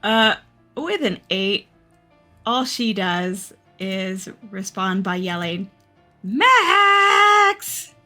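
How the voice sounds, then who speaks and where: A woman as dungeon master, narrating a tabletop game in an unhurried, playful way with frequent laughter. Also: medium pitch, fairly bright tone, faint music behind.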